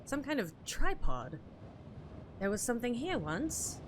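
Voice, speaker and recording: A woman voicing a curious young woman explorer who speaks in a low, measured, musing way. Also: big pitch swings, background noise.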